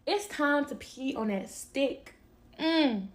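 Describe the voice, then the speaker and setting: A young woman telling a casual storytime, emphatic and slangy, acting out what others said and laughing often. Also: medium pitch. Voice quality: animated, emphatic, quick to laugh. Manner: slangy and expressive, acting out quoted lines.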